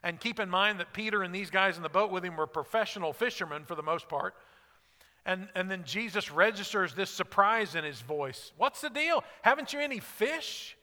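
A man's voice: high-pitched, a little fast, bright, forceful tone, in a large hall. A man preaching a sermon, earnest and conversational, asking his listeners questions. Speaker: pastor.

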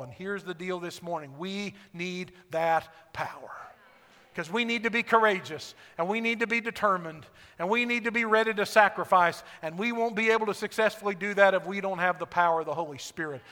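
A fervent male pastor with a strikingly high, bright voice preaches in a church sanctuary. He swings from quiet, intimate stretches to ringing, near-shouted exhortations. A long reverb trails each phrase through the hall. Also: fairly quick. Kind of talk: sermon.

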